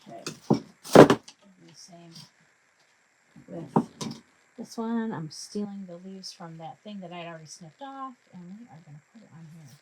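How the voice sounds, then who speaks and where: A woman's voice: fairly low pitch, animated, a little slow, long pauses, heavy background noise. A woman hosting a live craft tutorial, chatting her way through each step and joking with her materials. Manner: jokey self-talk to her materials.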